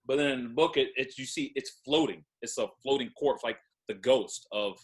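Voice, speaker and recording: A man co-hosting a casual TV recap podcast, halting and restarting, often asking "you know what I mean". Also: mid-range voice. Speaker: podcast co-host.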